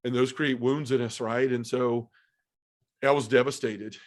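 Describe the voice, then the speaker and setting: A man sharing an emotional personal testimony as a podcast guest, earnest and halting, with many fillers. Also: mid-range voice, steady tone. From Memphis area, US South.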